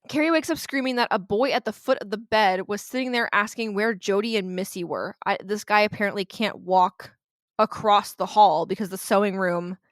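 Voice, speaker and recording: A woman's voice: medium pitch, dry recording, studio quality. A woman co-hosting a podcast, retelling a haunting in a blunt, sarcastic way, swearing and laughing as she goes. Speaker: podcast co-host. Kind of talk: casual storytelling chat.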